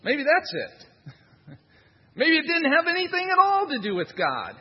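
A man's voice: extremely high pitch, wildly swooping pitch, a little slow, in a large hall, muffled recording. A man preaching a sermon in a conversational, wry manner, with rhetorical asides. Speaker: pastor.

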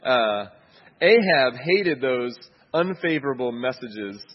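Husky-voiced man preaching a sermon. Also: medium pitch, animated, slow pace, muffled recording. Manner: conversational preaching, asks listeners "right?". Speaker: pastor.

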